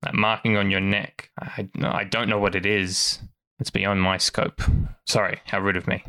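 A man's voice: on the low side, flat delivery, moderate pace, sharp tone, clean tone. A man voicing a courteous, scholarly older chief wizard who speaks formally. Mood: concerned. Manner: courteous, apologetic.

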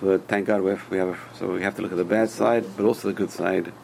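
A man teaching a Torah class, telling stories in an animated way and swinging between loud and hushed delivery. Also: low voice, quick pace, creaky, a little hiss or hum. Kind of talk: storytelling sermon.

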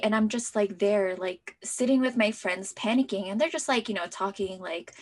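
Brisk and hardly pausing, a young woman with a medium-pitched voice recounts her personal story as a guest in an interview. Her talk is chatty and packed with "like" fillers, occasionally falling to a soft, near-whispered tone.

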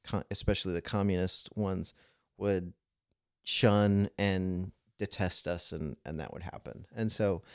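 Brief: male podcast co-host, low-pitched, dry close sound, loose rambling delivery. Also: darkish tone, no room sound. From United States. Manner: rambling, frequent restarts, laughs while telling anecdotes. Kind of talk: casual conversation.

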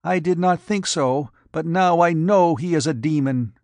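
A man's voice: a little high, a little slow, darkish tone, no room sound, pitched above the performer's own voice. A man reading aloud, voicing a fearful young woman who pleads and trembles. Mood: frightened. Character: young frightened woman companion.

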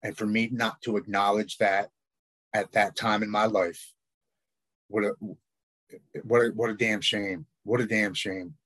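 Man, middle-aged, low register, raw and halting personal storytelling, dry recording. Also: little pitch movement, a bit bright, no room sound. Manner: raw, halting, repeats words when emotional. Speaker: guest telling his recovery story.

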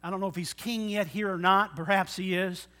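A man's voice: high-pitched, fairly even intonation, fairly quick, bright, forceful tone. A man preaching a sermon, earnest and folksy, often putting questions to the congregation. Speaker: pastor.

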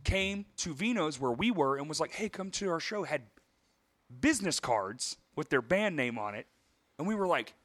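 Profane animated man in casual chat. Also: fairly high pitch, moderate pace. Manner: profane, animated, acts out quoted voices.

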